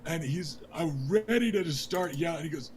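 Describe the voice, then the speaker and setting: A man's voice: fairly high pitch, moderate pace, a little hiss or hum. A man narrating a tabletop game as game master in a casual, joking way. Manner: casual and joking, with laughs and fillers.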